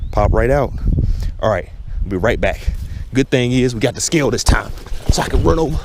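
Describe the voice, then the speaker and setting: A man vlogging from the shore, chatting casually to viewers in an excitable, chatty way, recorded outdoors. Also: mid-range voice, fairly quick, background noise. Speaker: fishing vlogger. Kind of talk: casual talk to camera. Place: outdoors on a lakeshore.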